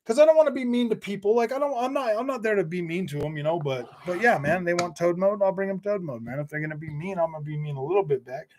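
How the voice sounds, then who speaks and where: A man's voice: sits high, fast talker, hardly any pauses, a little mellow. Chatty man reading live chat. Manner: chatty, joking, many restarts and fillers; laughs often. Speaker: gaming channel host reading live chat. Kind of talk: casual live-stream chat.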